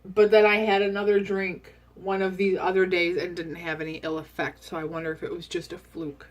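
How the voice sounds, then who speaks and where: A woman with a slightly low voice gives a diet update as a vlogger, in what sounds like her home. The casual chat is loose and candid, chatty and rambling, full of ums.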